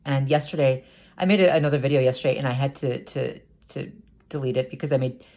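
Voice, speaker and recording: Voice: mid-range voice, steady tone, fast talker, a little mellow. An adult talking through a personal confessional vlog, hesitant and stammering, with many restarts and repeated words. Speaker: vlogger.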